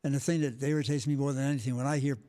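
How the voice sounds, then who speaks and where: A man's voice: mid-range voice, fairly even intonation, racing, mellow. An older man, a retired sports director and guest, telling stories in a blunt, emphatic, outspoken way. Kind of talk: casual storytelling.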